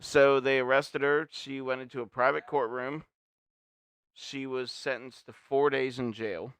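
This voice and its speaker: Dude hosting a stream, bright clear voice, crude jokes, dry close mic. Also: male voice, mid-range voice, fairly even intonation, measured pace, dry recording. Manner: crude, joking, bossy about mic setup. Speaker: stream host. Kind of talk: casual stream chat. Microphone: headphones and shared microphone.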